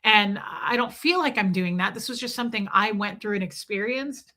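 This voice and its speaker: A woman's voice: mid-range voice, normal speed, pushed and bright. A middle-aged woman hosting a casual livestream, chatting with opinions and greeting viewers by name as she reads their comments. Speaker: livestream host.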